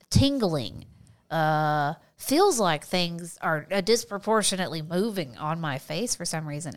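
Animated, laughing woman. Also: low-pitched. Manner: animated storyteller, laughs often, swears casually. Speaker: podcast co-host. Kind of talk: casual chat.

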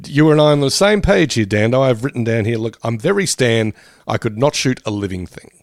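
Chatting casually as a podcast co-host, this man laughs often and curses without restraint. He talks a little fast at medium pitch with lively intonation, and the studio-quality recording has no room sound.

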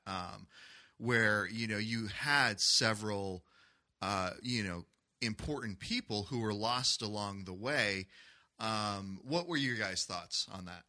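Man, podcast chat, very slow, hesitant with ums, bright edgy tone. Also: fairly low pitch. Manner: slow, hesitant, many fillers. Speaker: podcast co-host. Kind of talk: casual movie chat.

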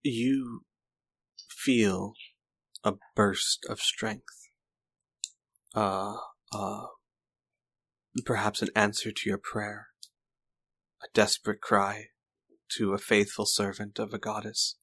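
A man narrating a tabletop game as game master, describing the scene in a halting way. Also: lowish voice, little pitch movement, a bit bright.

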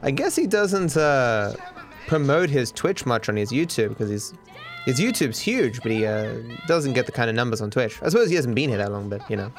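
A man's voice: mid-range voice, very animated, normal speed, faint music behind. A young man, a streamer rambling casually, candid and self-deprecating, swearing freely.

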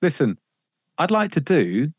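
A man, a radio presenter, telling career stories in a casual podcast chat, animated, swearing freely and laughing often. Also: on the high side, measured pace, husky, no echo, studio quality.

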